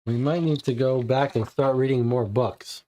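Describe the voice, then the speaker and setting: A man's voice: medium pitch, steady tone, normal speed, warm tone. A man playing a co-op mystery board game, reading the case entries and thinking aloud, puzzled about the clues. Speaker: game player and host.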